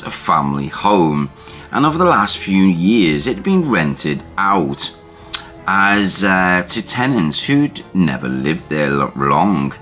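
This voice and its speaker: A man reads a first-person haunting tale in deliberate, unhurried scripted narration. His voice sits very low yet carries a bright, forceful edge. Soft music plays faintly underneath.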